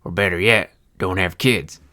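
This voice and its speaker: An actor playing a bitter old horse-feed seller near seventy, who narrates in a deep voice with an old-timey Western twang and talks in a grumbling, sardonic, cursing folksy way. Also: male voice, fairly even intonation, normal speed, bright, forceful tone. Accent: old-timey Western American twang. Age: older. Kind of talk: film narration.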